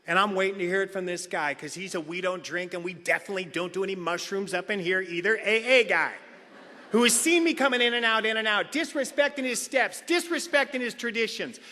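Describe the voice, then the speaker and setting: A man's voice: sits high, bright, forceful tone. A middle-aged man telling a comedic personal story at a recovery meeting, acting out other people's lines. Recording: long hall reverb.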